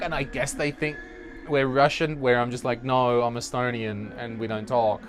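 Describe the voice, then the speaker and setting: A young man hosting a comedy podcast, telling a rambling, sweary story in a loose monologue and jumping into high mock voices now and then, recorded outdoors on a city balcony on a portable recorder that is not studio quality. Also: level tone, normal speed. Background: faint music from the city.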